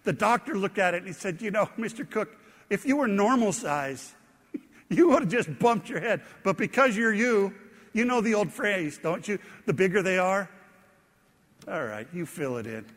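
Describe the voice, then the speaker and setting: A man with a notably high voice gives a sermon in a church sanctuary, and his words ring out with a long reverb. He tells stories about his own mishaps with easy, self-deprecating humor before he turns to praise. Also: animated, moderate pace, fairly bright tone. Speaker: pastor.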